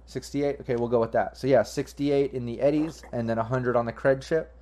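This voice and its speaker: Man, game master, casual, rambling, filler-heavy, mid-pitched. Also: fairly even intonation, brisk, darkish tone. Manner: loose, rambling, frequent ums. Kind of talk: narrating a tabletop game.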